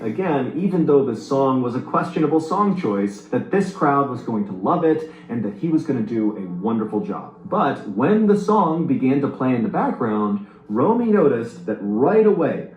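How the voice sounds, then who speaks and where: Man, storytelling narrator, suspenseful, varied pitch, roomy echo. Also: a little mellow. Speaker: narrator of the reacted video.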